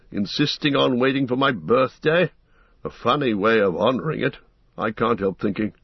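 A man's voice: medium pitch, slightly rough, no room sound, highs cut off. A man voicing an elderly male hobbit who talks in a chatty, fussing way.

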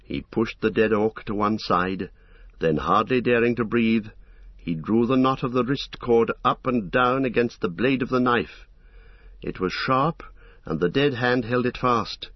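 A man narrating a fantasy audiobook in a measured, dramatic storytelling manner, in a dull, muffled recording. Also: medium pitch, no echo.

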